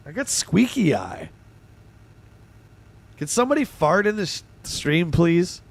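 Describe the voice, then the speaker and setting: A man hosting a livestream in casual chat, his voice hoarse and gravelly, bantering excitably with his viewers. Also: a little high, slow. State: hoarse, voice going. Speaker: livestream host.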